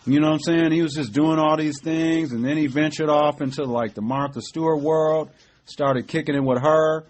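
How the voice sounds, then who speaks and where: On his podcast, a middle-aged host talks politics casually and emphatically, swearing freely and filling gaps with "you know what I mean." His voice is fairly high, a little mellow, and steady in tone, at a normal speed.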